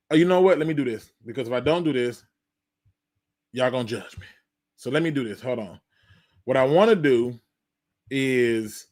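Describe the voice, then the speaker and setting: A man hosting a live sports talk stream, talking energetically, repeating himself and calling out names in the chat. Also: medium pitch. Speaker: sports talk show host.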